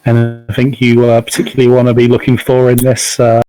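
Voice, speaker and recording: A man narrating a tabletop game as game master, halting and full of fillers. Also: mid-range voice, monotone, mellow, poor audio. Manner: halting, many fillers and hedges.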